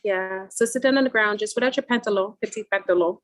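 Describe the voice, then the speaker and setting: A woman's voice: mid-range voice, quick pace, poor audio. A woman hosting a spiritual call-in show, effusive and emotional, speaking affectionately to her callers. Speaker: host.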